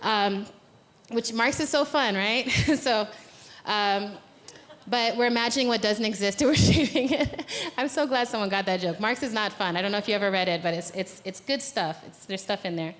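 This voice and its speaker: On stage at a conference, this American woman leads a guided exercise before moving into a relaxed, playful talk, chuckling at her own jokes. She organizes the event and speaks in a medium-pitched, slightly bright voice at a moderate pace.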